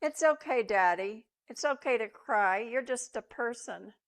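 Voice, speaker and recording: A woman's voice: on the high side, animated, unhurried. A woman voicing a small five-year-old boy who comforts his father. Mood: comforting.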